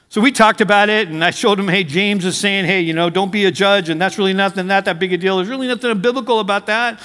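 A man's voice: sits high, fast talker, hardly any pauses, bright, forceful tone, clean tone. A middle-aged male pastor giving a conversational sermon, full of stories and asides to the congregation. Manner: conversational, anecdotal preaching with asides. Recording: hall reverb.

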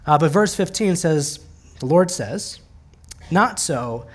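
A man preaching a sermon in an easy, conversational manner, his voice sitting a touch high for a man. He speaks plainly and slips in dry bits of humor along the way. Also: a little slow. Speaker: pastor.

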